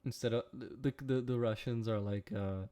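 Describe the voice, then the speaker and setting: A man's voice: medium pitch, fairly even intonation, moderate pace, mellow. A young man, sleepy, rambling and joking with his chat during a casual late-night stream. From Canada.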